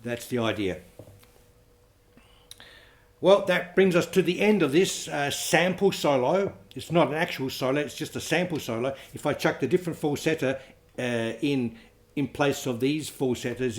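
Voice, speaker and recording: A man teaching a flamenco guitar lesson, counting beats aloud and explaining strokes in a relaxed, offhand way. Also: mid-range voice, moderate pace.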